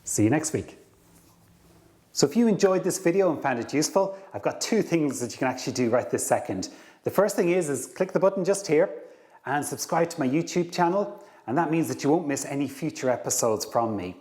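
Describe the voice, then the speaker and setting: Animated man telling a business story. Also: fairly high pitch, a little fast. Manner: lively storyteller, acts out dialogue. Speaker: career coach. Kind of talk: storytelling to camera.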